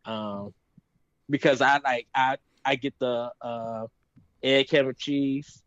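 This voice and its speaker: A man's voice: medium pitch, steady tone, slow pace, fairly bright tone, no room sound. A man hosting a podcast over a video call, chatting casually with hesitant fillers and steering the talk with questions. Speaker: podcast host. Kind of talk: casual chat. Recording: muffled video call audio.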